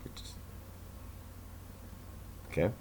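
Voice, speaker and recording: A man's voice: very slow, mellow, in a whisper. A man hosting a casual monologue for his listeners, talking in a sarcastic, rambling way with mocking asides. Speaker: podcast host.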